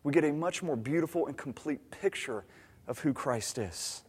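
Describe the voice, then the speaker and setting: High-voiced male pastor in a reverberant hall. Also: lively intonation, moderate pace, darkish tone, slightly rough. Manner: conversational preaching with frequent restarts and stammered repeats. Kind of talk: sermon.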